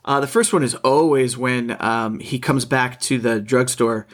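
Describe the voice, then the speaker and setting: Halting man talking through a film. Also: mid-range voice. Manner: halting, repeats words while searching for thoughts. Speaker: podcast co-host. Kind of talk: casual film discussion.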